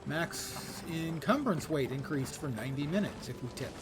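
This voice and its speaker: A man's voice: on the high side, lively intonation, moderate pace, music in the background. A man giving casual, joking commentary while playing a game live, thinking aloud in a wry way. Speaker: game streamer.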